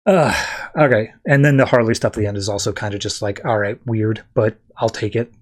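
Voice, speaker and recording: A man's voice: lowish voice, a little fast. Wry man hosting a comics podcast. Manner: wry and self-deprecating, loose recap talk. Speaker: podcast host. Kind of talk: casual comic book review.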